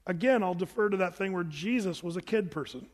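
Male preacher, high voice, chatty and playful, booming hall reverb. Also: brisk. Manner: informal, joking asides, acts out the people in the stories. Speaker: pastor. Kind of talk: conversational sermon.

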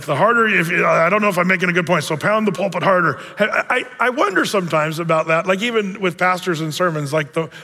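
A male pastor teaching a verse-by-verse Bible study in a relaxed, conversational way, with many fillers and self-deprecating humor. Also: a little high. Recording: long reverb of a big hall.

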